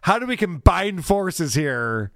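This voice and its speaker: A man's voice: high-pitched, big pitch swings, takes it slowly, dry recording, clean studio sound. A man hosting a podcast, giving wry, sarcastic commentary on viewer clips. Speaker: podcast host. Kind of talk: casual podcast chat.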